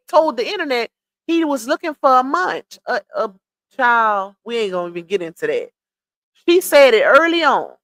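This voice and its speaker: Woman with a high voice going off on a livestream, blunt and scolding, dry close sound. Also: a bit bright, no echo. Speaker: livestream commentator. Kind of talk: casual gossip commentary.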